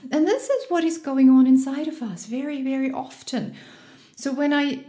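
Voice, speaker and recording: A woman's voice: sits high, moderate pace, warm tone. A woman coach giving a motivational talk, cheerful and laughing often, recorded in an echoey room. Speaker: joy and fitness coach.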